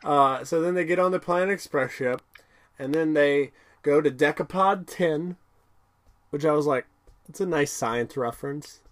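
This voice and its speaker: Recapping an episode casually, a male podcast co-host wanders along with plenty of fillers and laughter, occasionally erupting into excited character lines. He talks at a moderate pace with a fairly high pitch.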